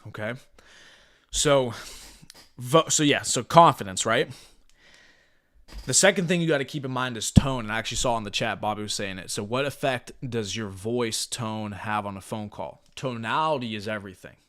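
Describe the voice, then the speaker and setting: A man's voice: on the low side, fairly quick, a bit bright. Brief: male sales trainer, intense and hyped, blunt and profane, coaching live.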